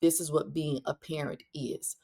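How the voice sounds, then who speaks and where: A woman hosts a solo parenting podcast in a low, creaky voice that barely moves in pitch, a little mellow with a breathy edge. She talks to listeners bluntly and directly, with quick asides and restarts.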